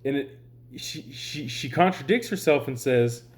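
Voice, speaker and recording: A heated vlog rant comes from an online commentator who is tired and sleep-deprived, rambling and exasperated, with frequent swearing aimed at his viewers. His voice is medium-pitched and animated, at a measured pace.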